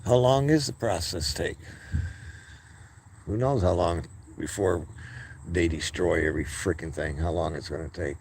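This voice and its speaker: A man's voice: low voice, a little slow, long pauses, darkish tone, a little hiss or hum. A man hosting his own video channel, speaking in a heated, profane monologue and often stumbling and restarting his words. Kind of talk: casual ranting monologue.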